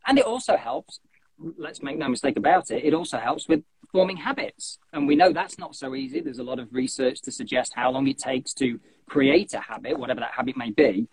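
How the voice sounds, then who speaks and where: Lively, fast-talking man with a gravelly voice. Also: medium pitch, no room sound, poor audio. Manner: animated, jokey, self-interrupting. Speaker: podcast host. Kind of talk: casual chat.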